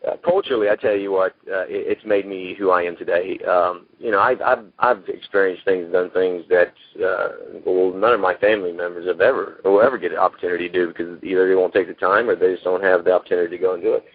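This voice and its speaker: A Texan actor, a guest in a casual interview, talks about his life in a rambling, folksy way full of "you know," heard over a tinny phone line. His low, husky voice stays steady, quick, and nearly pause-free, and the recording is dry.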